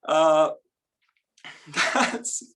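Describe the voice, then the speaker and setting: A man's voice: on the high side, lively intonation, drawn-out words, fairly bright tone. A young man performing a stand-up comedy set, chatty and self-mocking, laughing between his lines. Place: live comedy event on stage.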